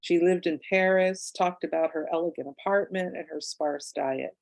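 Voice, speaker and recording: A woman's voice: on the low side, moderate pace, darkish tone, poor audio. A woman, an author and past-life regressionist, telling a client's case story in a conversational way with asides and fillers. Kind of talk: book club talk, telling a case story.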